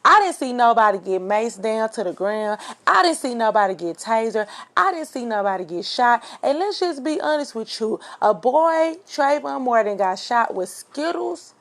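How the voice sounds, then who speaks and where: A woman's voice: a little high, very animated, normal speed, hardly any pauses, fairly bright tone. A woman in her thirties hosting a podcast, delivering an impassioned casual opinion monologue with frequent fillers. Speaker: podcast host.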